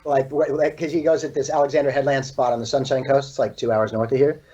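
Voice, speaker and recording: A man's voice: mid-range voice, little pitch movement, warm tone, husky. A man from California, a surfboard shaper, chatting loosely in an interview with lots of "like" and "you know". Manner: fast, loose talk full of "like" and "you know". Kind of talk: casual interview chat. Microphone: video call. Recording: dull, lo-fi video call audio.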